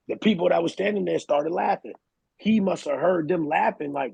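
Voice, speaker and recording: Young male podcast co-host, gravelly and husky, slangy animated storyteller, dry close sound. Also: a little high, fairly quick, no echo, dull audio. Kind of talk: casual storytelling chat.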